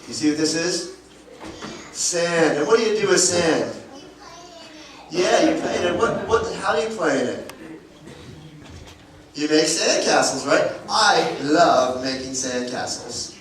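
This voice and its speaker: A man with a fairly high voice gives a children's sermon in a church, playful and asking the kids questions as he shows his props. He sits far from the mic, so his voice rings through a very echoey sanctuary. Clear room noise hums underneath. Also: lively intonation, measured pace, long pauses, crowd noise. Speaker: pastor.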